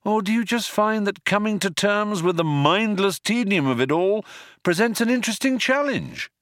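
A man voicing a quick-witted young traveler who talks in a breezy, persuasive way. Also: high-pitched, animated, a bit bright, dry recording, clean studio sound, pitched above the performer's own voice.

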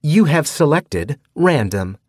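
A man's voice: on the high side, sing-song, slow pace, a little mellow, no echo, clean studio sound, pitched above the performer's own voice, full character voice. A man doing Nina, a cutesy game-host girl. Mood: cutesy announcing. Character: cutesy small female game-host AI, bloodthirsty streak.

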